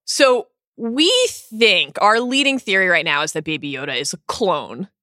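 A woman co-hosting a casual podcast, bubbly and laughing often, talking in quick bursts. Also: fairly low pitch, pushed and bright. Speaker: podcast co-host.

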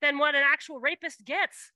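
Bright, outspoken woman podcast co-host. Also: high-pitched, steady tone, normal speed, dry recording, poor audio. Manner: indignant, profane, outspoken. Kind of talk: casual chat.

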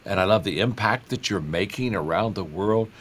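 A man's voice: fairly low pitch, normal speed, a bit bright. An older man, a guest author, speaking in a folksy, enthusiastic way with many repetitions. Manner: folksy, enthusiastic storyteller who repeats himself. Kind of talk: interview conversation.

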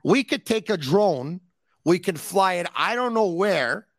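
A man hosting a call-in podcast, teasing his caller in a playful way with drawn-out emphasis. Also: high voice, lively intonation, no echo, studio quality. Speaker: podcast host. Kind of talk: casual call-in chat.

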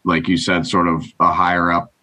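A man co-hosting a casual podcast, speaking in a measured, agreeable way and sometimes searching for his words. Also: deep voice, monotone, sharp tone, low-quality recording. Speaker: podcast co-host.

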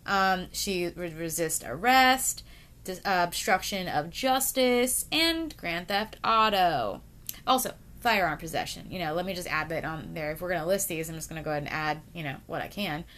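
A woman's voice: lowish voice, lively intonation, moderate pace, a bit bright. Chatty, swearing woman telling a true crime story. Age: 30s. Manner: chatty, swears freely, lots of fillers, talks straight to viewers. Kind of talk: casual storytelling to camera.

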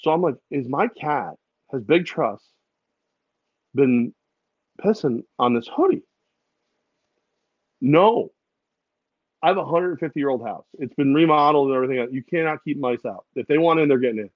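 A man co-hosting a podcast, telling funny stories in a casual, animated way and sometimes putting on voices. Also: medium pitch, normal speed, long pauses, no room sound, phone-quality sound. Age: adult with a daughter. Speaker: podcast co-host. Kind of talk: casual chat.

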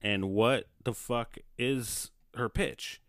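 A man's voice: medium pitch, takes it slowly, fairly bright tone, no echo, clean studio sound. A man co-hosting a podcast, blunt and laughing often, swearing freely. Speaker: podcast co-host. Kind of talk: casual chat.

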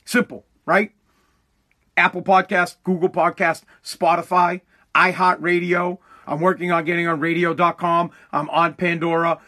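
Talking at a moderate pace in a level tone, this podcast host has a high, bright, forceful voice. He carries on a casual solo monologue that rambles, swears freely and often starts over.

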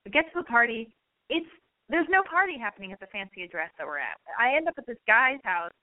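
A woman's voice: on the high side, fast. A woman telling a casual, exasperated story to her listeners, acting out the quotes as she goes. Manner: animated, exasperated, acts out quotes; chatty, addresses listeners directly. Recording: tinny phone-like line.

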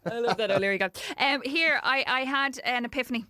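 Irish woman, casual storyteller, dry close sound, quick animated asides. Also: fairly high pitch, dry recording. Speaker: podcast guest, former airline worker. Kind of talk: casual chat.

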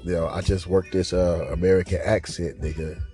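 A man's voice: sits low, little pitch movement, moderate pace, dark tone, soft background music. A man hosting a podcast, telling a loose, rambling story full of slang fillers and asides to listeners. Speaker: podcast host. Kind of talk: casual profane storytelling.

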